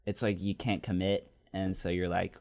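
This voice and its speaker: A man's voice: deep voice, little pitch movement, moderate pace, creaky, a little mellow. A young man joining a student radio chat as a guest, laid-back and musing. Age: young adult. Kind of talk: casual chat.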